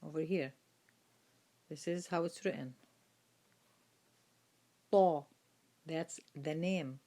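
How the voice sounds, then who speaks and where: This is a woman with a fairly low voice teaching Quran reading. She talks very slowly and patiently, naming each letter and repeating its sounds. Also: dark tone. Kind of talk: slow lesson on Arabic letters.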